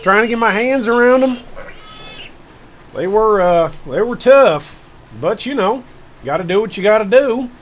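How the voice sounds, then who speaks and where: A man's voice: high voice, lively intonation, a little hiss or hum. A man putting on the voice of a rambling old farmer with a Southern country accent, telling folksy stories on a game stream. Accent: put-on Southern US rural. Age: older. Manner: drawling, rambling folksy storytelling with slow emphatic pauses. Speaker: gaming streamer host in character. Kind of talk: comic character bit on a game stream.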